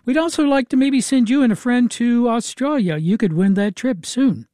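A man hosting a public radio pledge drive, talking briskly and coming back again and again to the call-in number. His voice sits high but mellow, recorded dry in a studio. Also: no room sound. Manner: brisk, repeating the phone number.

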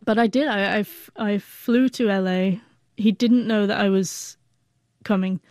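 Female interview guest in her forties; stutters on word starts, warm mellow voice, dry recording. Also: medium pitch, fairly even intonation, a little slow, dry recording. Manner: heartfelt, reflective. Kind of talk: personal storytelling.

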